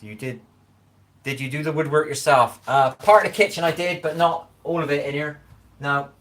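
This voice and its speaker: A Scottish man's slightly high, fairly bright voice holds a steady tone at normal speed as he livestreams from his home kitchen. His chat is casual and rambling, punctuated by frequent "do you know what I mean" checks.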